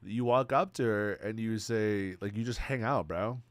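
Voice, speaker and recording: Low-voiced excitable young man streaming. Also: normal speed, no room sound. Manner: excitable, swears freely, says "bro" constantly. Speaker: streamer answering chat. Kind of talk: casual livestream chat.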